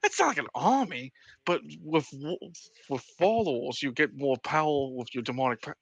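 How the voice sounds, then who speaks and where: A wheedling male demon whispering temptations in a priest's head, as a man puts him on. The voice is bright and sharp, pushing a deal in a salesman's sales patter, recorded dry and close. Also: expressive, normal speed, no room sound, highs cut off. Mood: persuasive. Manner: coaxing, salesman-like pitch.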